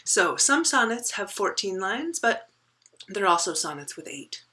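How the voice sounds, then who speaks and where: A woman teaching a poetry lesson, explaining step by step and often checking in with "right?", dropping to a soft whisper as she reads lines aloud. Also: mid-range voice, sing-song, normal speed, a little hiss or hum, poor audio. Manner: drops to a soft whisper while reading and counting. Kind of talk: poetry lesson with board work.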